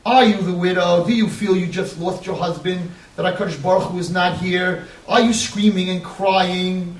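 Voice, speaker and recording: A man's voice: high voice, level tone, normal speed. A man preaching an impassioned sermon that builds into crying pleas. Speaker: rabbi. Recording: echoey, distant mic, faint ambience.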